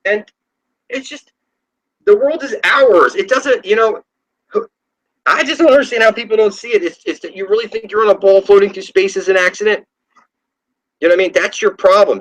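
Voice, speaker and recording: A man with a noticeably high voice talks straight to his viewers in a rambling, insistent monologue. He swears freely and hammers his points home, and his pitch leaps up whenever he gets heated. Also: fairly bright tone, low-quality recording. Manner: ranting, profane and insistent, with sudden pitch jumps. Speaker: channel host.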